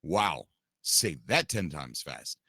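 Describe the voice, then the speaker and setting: Animated man hosting a gaming stream. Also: a bass voice, slow, husky, no echo, clean studio sound. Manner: animated, rambling, talks straight to viewers. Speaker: podcast host and streamer. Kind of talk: casual livestream chat.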